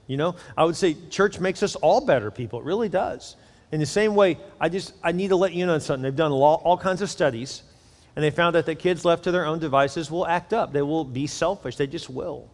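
Speaking a little fast, a middle-aged pastor delivers his sermon in a candid, joking manner, his voice slightly high for a man. His words ring through a church auditorium, recorded with an echoey, long reverb tail.

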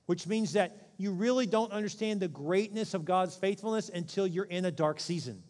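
A man's voice: high voice, darkish tone. A middle-aged man preaching a sermon as a pastor, in a conversational way that acts out quoted voices. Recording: long hall reverb.

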